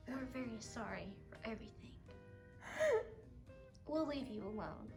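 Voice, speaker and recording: A woman playing a formal, polite staffer who delivers bad news in a deadpan way. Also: a little high, unhurried, gravelly, over music.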